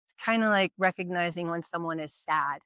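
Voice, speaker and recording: A workshop presenter talks through an informal educational session at a middle pitch, in a dry, close-sounding recording. The delivery is conversational and loose. They keep tossing rhetorical questions and checks like "right?" to the listeners. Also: fairly quick, bright, forceful tone, clean tone, dry recording. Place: community event at a brewery.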